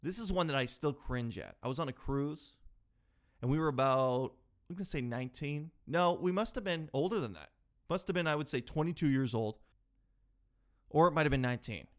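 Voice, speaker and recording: A man in his twenties telling comic stories about his life, animated, jumping from loud yells to low mumbled asides. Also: brisk. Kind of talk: comedic storytelling.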